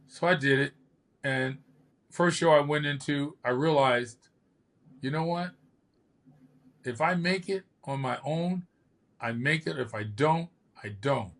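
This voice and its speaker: An older man who hosts a podcast and used to be a bodybuilder tells stories casually, acting out the quotes like a lively storyteller. His voice is mid-range and creaky, at a moderate pace.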